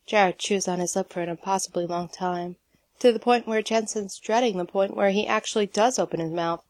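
A woman narrating a piece of fiction in a steady storytelling manner. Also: mid-range voice, brisk, no echo. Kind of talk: audiobook reading of fiction.

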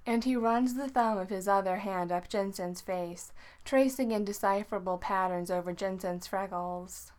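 A woman reading a story aloud in an unhurried, informal way. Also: mid-range voice, darkish tone. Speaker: narrator.

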